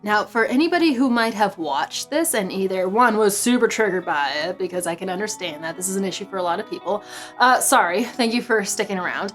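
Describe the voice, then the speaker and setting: A woman's voice: mid-range voice, lively intonation, fairly quick, fairly bright tone, faint music behind. A woman vlogging casually to her viewers, dramatic and self-mocking, repeating exclamations under her breath. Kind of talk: casual vlog talking to camera.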